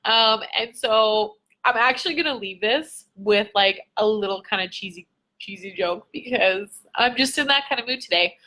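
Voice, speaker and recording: A woman's voice: medium pitch, moderate pace, sharp tone. A young adult woman, a business coach, talking to her followers in a bubbly, gushing, chatty livestream. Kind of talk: casual livestream talk to followers.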